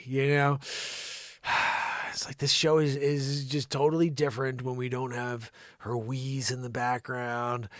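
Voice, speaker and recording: A man hosting an improvised live comedy show, teasing and rambling, swinging from loud shouts to hushed whispered asides. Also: medium pitch, no echo, studio quality.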